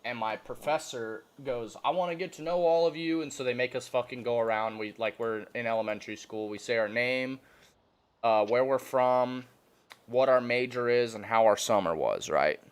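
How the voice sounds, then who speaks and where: A young man telling a story on a stream in a casual, animated, profane way, laughing often. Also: mid-range voice, normal speed, smooth.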